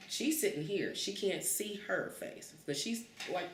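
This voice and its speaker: A woman's voice: fairly low pitch, brisk, creaky, hardly any pauses, a little hiss or hum. A woman in her fifties from Cleveland, telling stories from her childhood in an oral history interview and acting out the voices in them. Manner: animated, acts out the voices in her story. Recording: roomy, distant mic.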